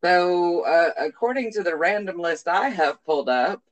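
A man hosting a podcast in casual chat, reading out a list of days in a low-key way. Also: expressive, normal speed. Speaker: podcast host.

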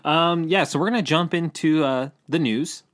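A man's voice: fairly high pitch, moderate pace, a bit bright. A man co-hosting a news podcast in casual chat, rambling with lots of fillers and restarts. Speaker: podcast co-host.

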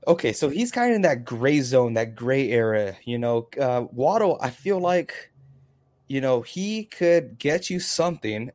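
A man's voice: medium pitch, darkish tone. A man with a mid-range voice co-hosts a casual podcast. He is chatty and emphatic and pushes his opinions hard. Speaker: podcast co-host. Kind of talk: casual fantasy football chat.

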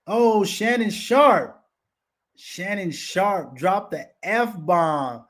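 Man, slightly high voice, rowdy casual commentary, constant swearing. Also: big pitch swings, slow, fairly bright tone. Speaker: commentary show host. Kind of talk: profane casual commentary on clips.

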